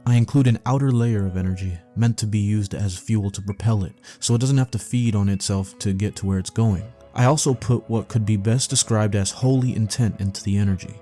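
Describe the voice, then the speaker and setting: A man calmly narrating a first-person dream story for sleeping, in a steady, low-key way. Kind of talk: calm bedtime story reading. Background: faint background music.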